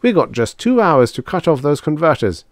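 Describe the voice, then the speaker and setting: A brash young spacefarer, voiced by a man, barks orders in rough slang, desperate and loud. The pitch rides high above the man's own voice, and the sound is dry and close. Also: very animated, normal speed, dry recording.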